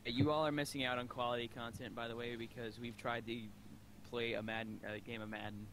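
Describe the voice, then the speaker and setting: A man's voice: medium pitch, flat delivery, fairly quick, crowd noise, low-quality recording. A young man in voice chat, teasing and bossing his friend around in casual banter.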